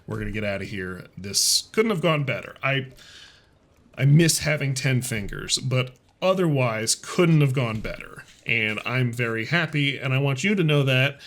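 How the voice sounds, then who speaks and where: A man voicing a bandaged, tipsy young man who rambles excitedly in a tabletop game. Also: medium pitch, moderate pace. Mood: giddy. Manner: rambling and giddy.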